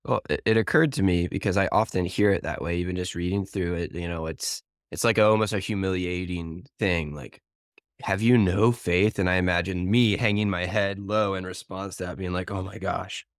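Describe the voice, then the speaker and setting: A man's voice: low voice, fairly even intonation, brisk, hardly any pauses, smooth, dry recording, studio quality. A man co-hosting a podcast who reflects on a Bible passage in a thoughtful, searching way and sometimes hesitates. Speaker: podcast co-host. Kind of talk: conversational Bible discussion.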